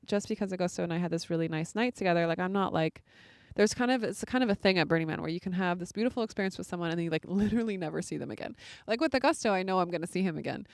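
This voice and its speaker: A woman with a lowish, creaky, slightly mellow and smooth voice hosts a podcast, sharing a personal story in a relaxed, chatty manner packed with filler words. The recording is dry, with clean studio sound.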